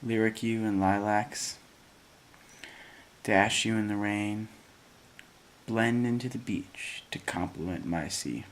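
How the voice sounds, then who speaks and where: A man reading a poem aloud in a measured, deliberate way. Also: on the low side. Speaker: poem reader. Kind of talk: slow poetry reading.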